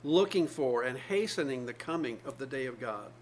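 A man's voice: medium pitch, expressive, moderate pace, a little hiss or hum. A man, probably older, preaching a sermon, reading scripture aloud and explaining it earnestly with repeated phrases.

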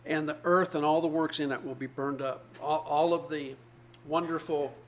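A man's voice: on the high side, steady tone, normal speed, a little hiss or hum. A man, probably older, preaching a sermon, reading scripture aloud and explaining it earnestly with repeated phrases.

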